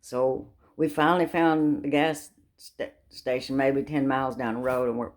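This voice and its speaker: A woman's voice: extremely low pitch, steady tone, moderate pace. An older woman telling a funny family story in a folksy way, with sound effects. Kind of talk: casual storytelling.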